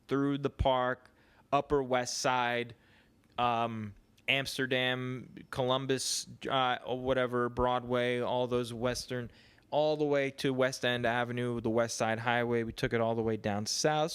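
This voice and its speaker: A young man rambles through a solo podcast in loose, casual talk. He swears freely and drifts from topic to topic. His voice sits in an ordinary middle pitch. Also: fairly bright tone, clear, resonant tone. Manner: crude, rambling, swears a lot. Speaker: podcast host.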